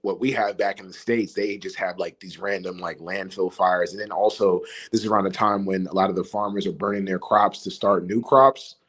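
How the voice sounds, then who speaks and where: A man with a fairly low voice calling in to a livestream. He talks in an easygoing, unhurried way and fills his pauses with ums. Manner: relaxed, easygoing, with many ums. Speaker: guest caller. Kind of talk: casual storytelling.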